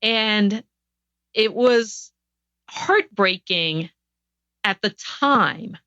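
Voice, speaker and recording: A woman's voice: mid-range voice, lively intonation, very slow, sharp tone, clear, resonant tone, no echo. Earnest woman guest, dull dry sound. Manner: earnest, reflective storytelling with frequent restarts. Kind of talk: podcast interview storytelling.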